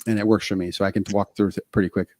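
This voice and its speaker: Middle-aged man, podcast co-host, low voice, dry close sound, candid and rambling. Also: flat delivery, racing, dark tone, no echo. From United States. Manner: candid storytelling with many fillers. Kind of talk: casual podcast talk.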